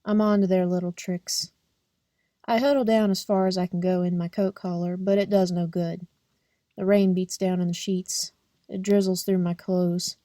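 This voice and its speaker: A young woman reading a novel aloud as an audiobook in a steady, plain first-person narration. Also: fairly low pitch, normal speed, no echo, studio quality. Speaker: audiobook reader.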